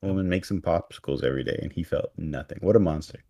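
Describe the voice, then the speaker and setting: A man's voice: deep voice, fast, mellow. A man co-hosting a podcast in casual chat, recapping a show with wry, sarcastic asides. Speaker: podcast co-host.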